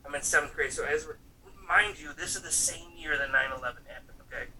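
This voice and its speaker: A man's voice: fairly high pitch, steady tone, fast talker, sharp tone, slight background noise. A man in his thirties telling loose, profane stories in a casual chat, acting out quotes and padding with fillers. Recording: voice picked up from some distance, faint room ambience.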